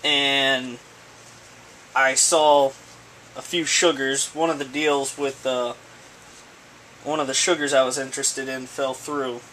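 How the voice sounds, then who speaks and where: Guy unboxing stuff, kinda stammery and rambly, mid pitch, faint hum behind. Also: flat delivery, slow pace, long pauses, sharp tone, poor audio. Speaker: snake breeder vlogger. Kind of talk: casual unboxing chat.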